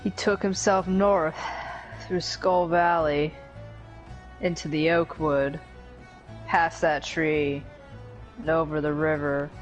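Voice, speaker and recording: A woman's voice: deep voice, steady tone, slow, pauses often, soft background music, poor audio. A woman reading a male video game character's directions aloud in her own voice. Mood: deadpan.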